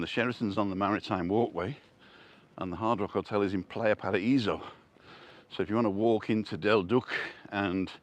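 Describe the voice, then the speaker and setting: An older man live-streaming on a street walk, chatting casually and answering viewers' comments as he goes. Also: fairly low pitch. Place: outdoors on a street.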